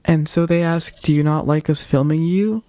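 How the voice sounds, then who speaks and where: A young man on a podcast, retelling a ghost-hunting video with animated quoted voices in casual storytelling. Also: fairly high pitch, normal speed, dry recording. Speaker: podcast co-host.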